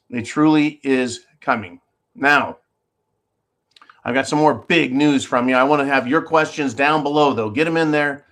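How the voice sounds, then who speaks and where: A man's voice: mid-range voice, a bit bright. A man hosting his own show, giving sarcastic, combative commentary straight to his viewers. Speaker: show host. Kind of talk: opinionated commentary.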